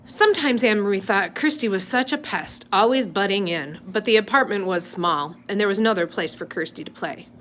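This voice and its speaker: A woman reads a novel aloud at an ordinary pitch. Her delivery is unpolished, and she stops now and then to fix her slips. A faint background hiss sits under her voice. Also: fairly quick, hardly any pauses, fairly bright tone. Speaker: reader.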